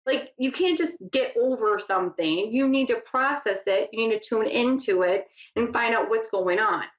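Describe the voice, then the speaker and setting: A woman hosting a psychic radio show, teaching in a relaxed, conversational style with a fairly high voice. She rambles and laughs easily. The recording is dull and lo-fi, with echo in the room behind her. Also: moderate pace. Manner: chatty, laughs easily, wanders off topic. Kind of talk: casual spiritual teaching talk. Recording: echoey lo-fi room sound.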